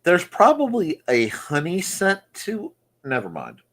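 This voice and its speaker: Man, chat show host, goofy jokey delivery, unhurried pace, bouncy pitch. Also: wildly swooping pitch, fairly bright tone. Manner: goofy, jokey, mock-announcer asides. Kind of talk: casual live chat reading comments.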